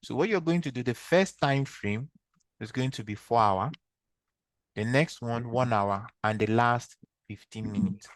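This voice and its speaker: A man's voice: mid-range voice, measured pace, dry recording. Nigerian man teaching trading, quizzing students. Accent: Nigerian English. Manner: patient, quizzing students with repeated questions. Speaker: trading instructor. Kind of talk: online screen-share training session.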